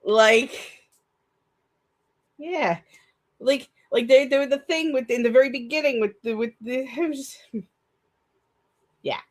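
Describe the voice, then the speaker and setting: A young woman talks casually to her stream audience with a slightly high-pitched voice. She rambles excitedly, stumbling and restarting her sentences. She breaks into laughter often. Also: measured pace, long pauses. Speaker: streamer hosting a write-with-me stream. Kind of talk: casual live-stream chat.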